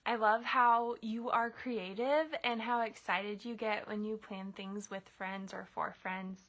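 A woman's voice: mid-range voice, level tone, measured pace, a bit bright. A woman friend giving a sweet, earnest birthday message. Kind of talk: recorded video message.

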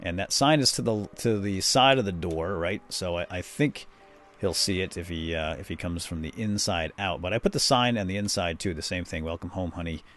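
With soft music in the background, a middle-aged host delivers casual let's-play commentary in a low, slightly bright voice at a moderate pace. He's a chatty storyteller who rambles through asides while narrating his actions.

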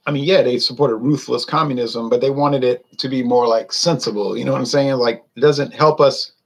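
Husky man rambling casually. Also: medium pitch, fairly quick. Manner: folksy, meandering, many fillers. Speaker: vlogger reviewing drinks.

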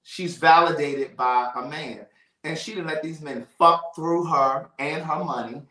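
Animated man telling a heated story. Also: a little high, unhurried, reverberant, recorded from a distance. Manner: animated, profane, emphatic retelling. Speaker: host. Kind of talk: casual storytelling chat.

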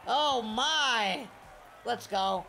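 A young man giving live commentary over his own gameplay, swinging from quiet mutters to sudden shouts. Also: very high voice, very slow, creaky, slight background noise. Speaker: gaming video creator.

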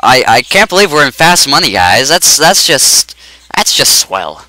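Goofy excitable man with a bright voice. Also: medium pitch, a little slow, no room sound, low-quality recording. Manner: goofy, excitable, yells and jokes at the game. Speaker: let's play commentator. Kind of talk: casual gameplay commentary.

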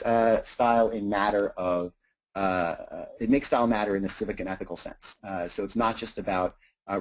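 A man giving an academic talk on teaching writing, thinking aloud with many "uh"s and repeated words. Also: fairly low pitch. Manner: frequent "uh" and repeated words, thoughtful. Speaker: lecturer. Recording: dull lo-fi recording.

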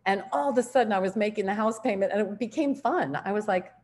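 A middle-aged woman giving a motivational training talk on network marketing, telling stories in an upbeat, animated way with frequent laughter. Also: medium pitch, quick pace.

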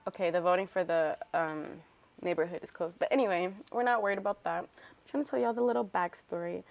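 A woman's voice: fairly low pitch, fast, vocal fry. A woman hosting a let's play, chatting casually and rambling through her gameplay with lots of filler words and remarks aimed at the characters. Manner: animated, talks back to game characters.

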